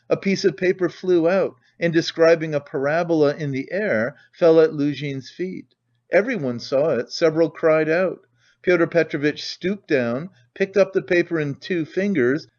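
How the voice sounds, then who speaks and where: A man narrating a classic novel in a measured, dramatic way. His voice sits a bit high for a man. The recording is dull and lo-fi. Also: darkish tone. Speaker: audiobook narrator.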